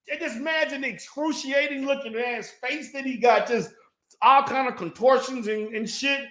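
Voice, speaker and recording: High-voiced man ranting in an echoey room. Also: normal speed, sharp tone. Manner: profane, mocking, heated. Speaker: online commentator. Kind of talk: ranting response video.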